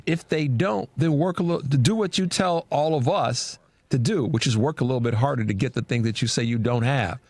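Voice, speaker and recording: A man's voice: medium pitch, fairly quick, dry recording. A man hosting a radio talk show, speaking emphatically in casual chat with frequent restarts. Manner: animated, emphatic, with repeated restarts.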